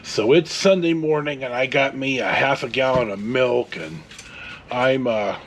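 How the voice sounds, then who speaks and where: A man's voice: mid-range voice, a little slow, a bit bright, a little hiss or hum. A middle-aged man hosting his own show, telling a story in a casual, rambling way with lots of fillers and restarts, and chuckling now and then. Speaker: host.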